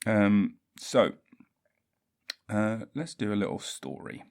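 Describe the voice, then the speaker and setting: A man's voice: on the low side, takes it slowly, long pauses, a little mellow, clear, resonant tone. A young man hosting a solo podcast, rambling and self-mocking, with a lot of swearing. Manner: scattered, self-mocking, swears a lot, drifts into silly voices. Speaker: podcast host.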